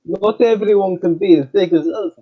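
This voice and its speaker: A man's voice: high voice, normal speed, husky, lo-fi sound, voice pushed up. A man voicing a big, strong male Goliath who speaks in a friendly, slightly formal way. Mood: reassuring.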